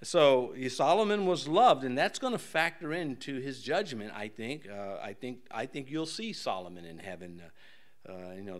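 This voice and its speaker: An older man preaching a casual, joking sermon in a church, with folksy asides and voices acted out in a high pitch. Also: expressive, normal speed. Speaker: pastor.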